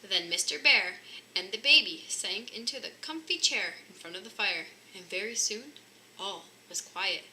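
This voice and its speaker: A woman's voice: mid-range voice, moderate pace, noisy background. A woman reading a children's picture book aloud, lifting her voice for the characters' lines. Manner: lively, lifting voices for the bear cubs' lines. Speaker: storybook reader.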